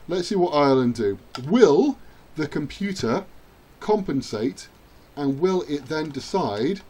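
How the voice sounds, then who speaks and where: A gaming channel host plays a rugby video game and chats through it, poking fun at himself and occasionally cheering at the screen. His voice is medium-pitched and a little mellow.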